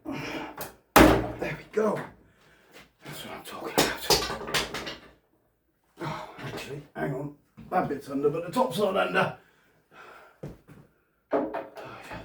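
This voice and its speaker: A man's voice: fairly high pitch, unhurried, creaky, pauses often, very noisy. A man vlogging while he restores a vehicle in his garage, muttering to himself as he works and talking to a distant camera. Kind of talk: casual workshop vlog. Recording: echoey room, mic far off.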